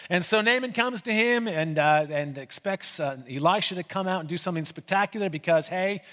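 A man preaching a sermon in a conversational way, retelling with lively asides. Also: high-pitched, fairly quick. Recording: long hall reverb.

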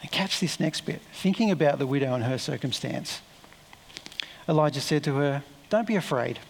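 A man preaches in a relaxed, conversational manner, musing aloud and correcting himself as he goes. His voice sits fairly high for a man. A long reverb from a large church hall follows his words. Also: normal speed, creaky, slight background noise. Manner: conversational, reflective, with asides and self-corrections. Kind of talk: sermon.

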